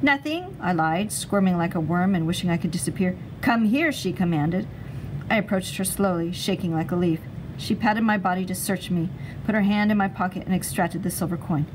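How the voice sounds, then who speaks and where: A woman narrating a chapter book aloud in a steady, expressive storytelling voice. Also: fairly low pitch, brisk, background noise. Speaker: reader.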